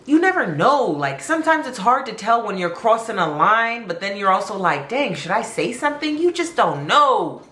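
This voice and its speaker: A woman telling a personal story in a chatty, expressive vlog style, leaning hard on words for emphasis. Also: mid-range voice, normal speed, hardly any pauses, reverberant.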